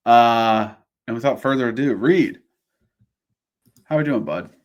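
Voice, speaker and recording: Casting a relaxed, friendly male podcast host with a mid-range voice. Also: mid-range voice, measured pace. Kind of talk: casual podcast intro.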